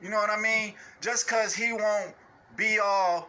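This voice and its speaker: A man ranting off the cuff in a blunt, cursing way, always checking in with his listeners. His voice sits a little high and carries a very bright, forceful edge. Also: fairly even intonation, a little slow. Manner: blunt, profane, repeats "you know what I'm saying"; mocks others in high put-on voices. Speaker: online ranter. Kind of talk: unscripted rant.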